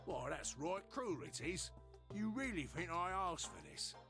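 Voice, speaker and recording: An actor voicing a gruff working-class male robot golem with a Cockney accent, slangy and grumbling. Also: sits high, big pitch swings, a little slow, over music, full character voice. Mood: grumbling jovial.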